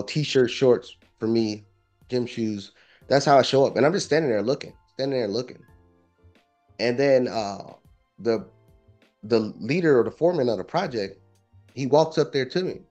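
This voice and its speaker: A man's voice: mid-range voice, a little mellow. Laid-back man telling a story. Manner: laid-back, informal, repeats phrases. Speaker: property investor guest. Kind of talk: casual storytelling interview.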